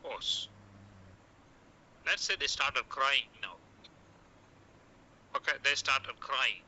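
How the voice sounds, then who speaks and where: A man who teaches medical communication gives a classroom lecture on breaking bad news to patients, speaking in short coaching phrases, repeating "okay," and acting out the doctor's lines. His mid-range voice is bright and forceful, with lively intonation and a very slow pace. The recording has its highs cut off.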